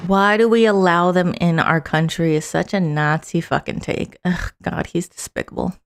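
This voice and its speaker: A woman's voice: fairly low pitch, moderate pace, a little hiss or hum. A young woman streamer giving casual, profane, sarcastic political commentary over clips.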